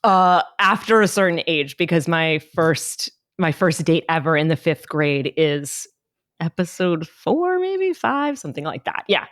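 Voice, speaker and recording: A woman's voice: lowish voice, very animated, a little slow, a bit bright, no room sound, studio quality. A woman guest chatting playfully and flirtatiously, recorded remotely in her own room. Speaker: podcast guest. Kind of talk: casual chat.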